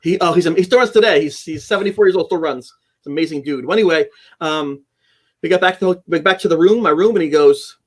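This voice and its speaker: A middle-aged man telling a personal story as a podcast guest, animated and acting out dialogue, often restarting his sentences. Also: on the high side, fast. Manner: animated storyteller who acts out quoted dialogue, with frequent restarts.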